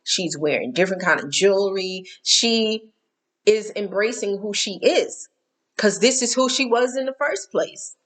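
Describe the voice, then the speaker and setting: A woman's voice: mid-range voice, measured pace, a bit bright. A middle-aged woman hosting a casual spiritual talk, candid and emphatic, repeating herself and cursing now and then.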